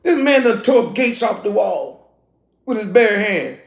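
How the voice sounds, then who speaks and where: A man's voice: sits high, animated, measured pace, pitched below the performer's own voice. A man voicing exasperated male enemy soldiers who complain about a mighty foe, in an echoey room. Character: fearful male enemy soldiers of Israel, grown men.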